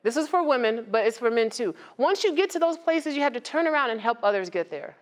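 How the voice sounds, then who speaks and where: A woman speaks to a live audience in a motivational talk, her voice sitting a little high and swinging widely in pitch. She talks like she is chatting, tossing questions at the crowd and joking. She comes across as a nonprofit founder sharing hard-won lessons. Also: fast. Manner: lively, conversational, asks the audience questions and jokes.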